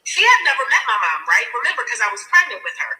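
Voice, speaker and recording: Caller: middle-aged woman, high and very bright voice, tearful, candid storyteller. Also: very animated, quick pace, echoey room, poor audio. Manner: tearful, candid, swears freely. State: crying. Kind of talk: emotional personal storytelling.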